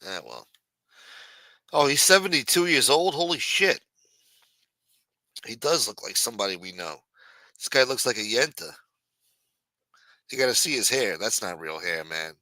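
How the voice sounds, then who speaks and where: A man's voice: mid-range voice, very animated, normal speed, long pauses, bright, forceful tone, no room sound, poor audio. A man hosting a livestream, with brash, profane, mocking news commentary. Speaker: livestream host. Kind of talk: casual news commentary on a stream. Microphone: streaming mic.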